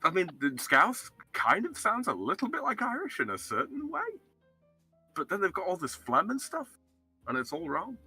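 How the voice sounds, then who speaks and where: A man with a Leeds English accent talks casually on a stream, his husky voice swinging wildly up and down in pitch. He teases his co-host and keeps breaking into laughter. The sound is dry and close, with faint music behind. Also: huge pitch swings, moderate pace, bright, forceful tone, no echo. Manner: teasing, laughs often. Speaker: stream co-host reading chat. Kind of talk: casual chat on a livestream.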